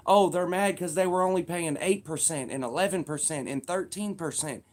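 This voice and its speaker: A man's voice: a little high, normal speed, hardly any pauses. Man in his thirties ranting profanely. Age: 30s. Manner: profane, heated, repetitive, emphatic. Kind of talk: casual political rant.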